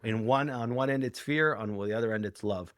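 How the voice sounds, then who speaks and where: A middle-aged man talks earnestly about his ideas as an interview guest, pausing to reflect. His voice sits at an ordinary pitch. The recording is close and dry, with no room echo. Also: fairly bright tone. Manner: earnest, reflective, acts out quoted lines. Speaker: guest, hypnotherapist and author. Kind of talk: conversational interview.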